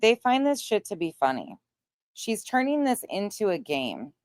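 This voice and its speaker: A woman's voice: mid-range voice, wildly swooping pitch, normal speed, darkish tone, no echo, clean studio sound. A woman co-hosting a livestream, commenting bluntly and swearing heavily as she reacts to what she finds. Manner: blunt, profane, angry outbursts. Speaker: livestream co-host. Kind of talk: live-stream commentary.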